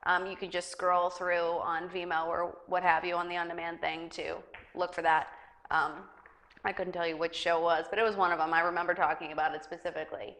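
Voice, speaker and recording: A woman's voice: lowish voice, flat delivery, a little fast, fairly bright tone. A young woman hosting a casual news chat show, rambling and giggly, with lots of fillers. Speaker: talk show host.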